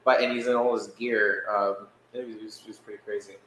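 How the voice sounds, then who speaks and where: A man co-hosting a podcast, telling a story in a casual, animated way and laughing as he acts out what others said. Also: fairly low pitch, quick pace, a little hiss or hum. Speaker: podcast co-host. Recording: echoey room with faint ambience.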